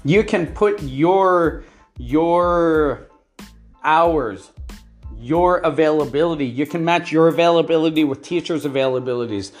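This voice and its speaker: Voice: medium pitch, a little slow, soft background music. An online English teacher speaking straight to learners, counting off reasons in turn and often checking in with "right?". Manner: enthusiastic, repeats "right?" and lists points by number. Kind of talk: talking-head advice to learners.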